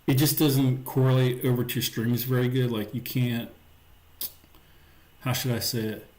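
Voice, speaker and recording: A man's voice: medium pitch, little pitch movement, a little slow, a little mellow. A man hosting a livestream, chatting casually and rambling, with lots of "like" and "um". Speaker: livestream host. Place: home stream setup. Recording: roomy echo.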